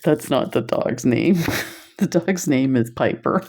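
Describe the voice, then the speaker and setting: Low-voiced woman chatting about beads. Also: expressive, slow, darkish tone. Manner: chatty, laughs often while telling stories. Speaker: bead shop video presenter. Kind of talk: casual chat while showing beads.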